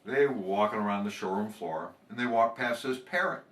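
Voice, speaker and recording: Low-voiced man telling a joke. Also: normal speed, a bit bright. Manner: loose, conversational storytelling. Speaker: sales trainer telling a joke. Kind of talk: casual joke-telling, then promo pitch. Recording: roomy, off-mic from a distance.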